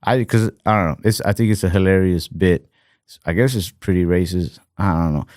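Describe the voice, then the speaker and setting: With a low voice and a darkish tone, a young American man talks a little fast as co-host of a casual comedy podcast. He rambles, heavy on fillers such as "like" and "fucking," and the recording is dry with clean studio sound.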